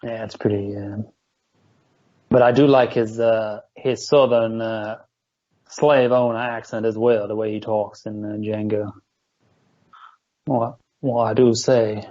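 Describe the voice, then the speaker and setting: A man's voice: lowish voice, flat delivery, unhurried, long pauses, mellow. A man chatting casually on a podcast, rambling and swearing with enthusiasm. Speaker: podcast co-host. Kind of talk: casual chat. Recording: dull lo-fi sound.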